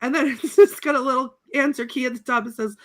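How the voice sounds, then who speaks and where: A woman's voice: high-pitched, fairly even intonation, fast. A woman co-hosting a podcast, laughing as she gives a giggly, breathless recap of a film. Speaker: podcast co-host. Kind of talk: casual chat.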